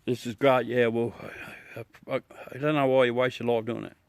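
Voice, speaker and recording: A man's voice: medium pitch, level tone, fairly quick, clean tone, dry recording, clean studio sound. A middle-aged Australian man hosting a livestream, chatting casually with viewers, laughing, joking and swearing as he talks. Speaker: livestream host. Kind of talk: casual chat with live viewers.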